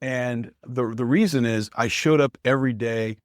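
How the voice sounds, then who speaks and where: A man's voice: mid-range voice, moderate pace, no echo, studio quality. A male pastor and author, a guest in an interview, talking in an earnest, encouraging way as he thinks aloud. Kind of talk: interview conversation.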